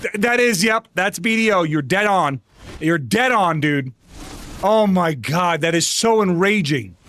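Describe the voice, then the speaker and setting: A man on a live gaming stream with a high voice that leaps all over the place. He rants and yells at his game and his chat in frustration, over a faint steady hum. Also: a little slow. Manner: exasperated, ranting, yelling in frustration. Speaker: vtuber streamer.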